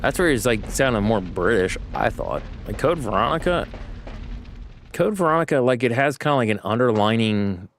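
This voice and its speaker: Over slight background noise, a streamer talks through his game at normal speed in an animated, medium-pitched voice. His commentary is casual, chatty and rambling, and he keeps interrupting himself with corrections.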